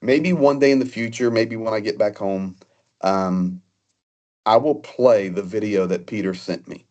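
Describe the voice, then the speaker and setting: Male guest, low-pitched, casual earnest storyteller who restarts often. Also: a little mellow. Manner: earnest, halting with frequent restarts. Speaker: guest telling personal stories.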